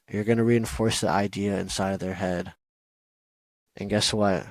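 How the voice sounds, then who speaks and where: A man's voice: fairly low pitch, fairly even intonation, moderate pace, pauses often, dry recording, low-quality recording. A man hosting a solo podcast, earnestly giving advice on letting go of love, with many "you know" and "okay?" asides. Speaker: podcast host.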